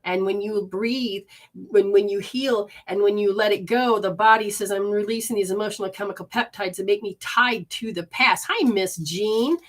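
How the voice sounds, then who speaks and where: A woman leading a live healing session and giving readings, soothing and coaxing with repeated instructions. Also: medium pitch. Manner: talks to viewers and spirits, switches fast between voices.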